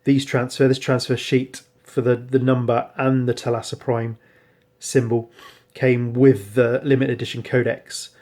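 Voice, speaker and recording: A man talks through his hobby work in a relaxed, rambling way, stopping often to correct himself. His voice sits at an ordinary middle pitch. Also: a little slow. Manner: relaxed, rambling, frequent ums and self-corrections. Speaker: hobbyist showing painted miniatures. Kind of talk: casual show-and-tell narration.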